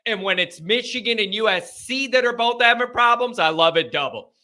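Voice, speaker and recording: A man hosting a sports talk show, ranting in a brash, loud, sarcastic and openly biased way. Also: high voice, animated, brisk.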